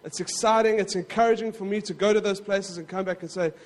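A man preaching a sermon in a conversational way, with frequent asides to the congregation and quick self-corrections. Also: high-pitched, fairly even intonation, big-room sound. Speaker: pastor.

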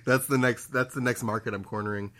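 A man's voice: mid-range voice, steady tone, fast, a bit bright. A man co-hosting a podcast, joking and crude in casual chat. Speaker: podcast co-host.

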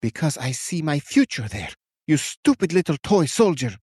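A man's voice: medium pitch, moderate pace, a little mellow, no room sound, studio quality, pitched above the performer's own voice, lightly acted. A man voicing a commanding female witch in an audiobook, speaking with cold certainty. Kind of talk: audiobook character voice.

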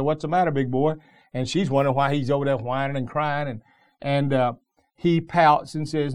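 A man's voice: medium pitch, a little mellow. A middle-aged man preaching a sermon as pastor, telling the story in a loose, conversational way with frequent restarts.

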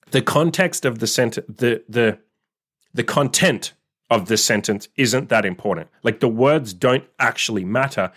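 A man's voice: medium pitch, a bit bright. A young man giving blunt, casual dating advice in a solo monologue, swearing freely and acting out what others would say. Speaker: dating coach.

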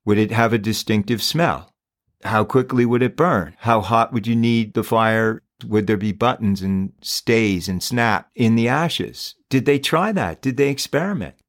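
A man with a somewhat low voice hosts a true crime podcast. He talks emphatically and keeps firing off pointed rhetorical questions. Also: a little slow. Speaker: podcast host.

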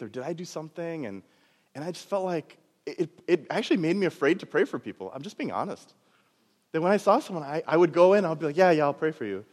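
Man telling a story in a big echoing hall. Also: fairly high pitch. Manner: storytelling, animated, laughs at himself. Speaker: doctor and preacher. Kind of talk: sermon testimony. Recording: long hall reverb.

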